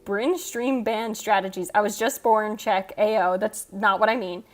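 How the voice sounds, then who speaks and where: A woman's voice: mid-range voice, fairly even intonation. A woman hosting a casual livestream, reading chat aloud and teasing viewers with frequent laughs. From United States. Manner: teasing, quick, laughs often. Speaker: livestream host. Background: soft background music.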